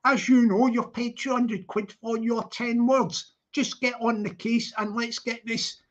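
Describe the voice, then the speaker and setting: A woman's voice: a little high, steady tone, unhurried, muffled recording, natural voice. A woman putting on an impatient film director, barking orders at a nervous actor. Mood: scolding. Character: bossy shouting film director.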